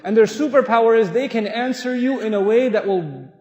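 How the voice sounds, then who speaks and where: In a big, echoey mosque hall, a Pakistani man preaches a storytelling sermon in a very high-pitched, slightly fast voice, though the audio sounds dull. He's animated and funny, acting out the voices of the people in his stories.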